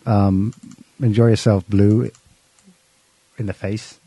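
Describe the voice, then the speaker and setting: A man's voice: lowish voice, level tone, slow pace, dark tone, husky, no echo, dull audio. A man hosting a casual political chat, wry and sarcastic, laughing at his own points. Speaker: podcast host.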